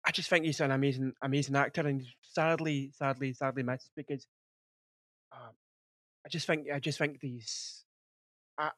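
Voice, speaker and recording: A man's voice: medium pitch, steady tone, normal speed, pauses often, a bit bright, no echo, clean studio sound. A man in his forties hosting a podcast, chatting casually about films with lots of rambling filler words. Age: 40s. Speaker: podcast host. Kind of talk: casual film chat.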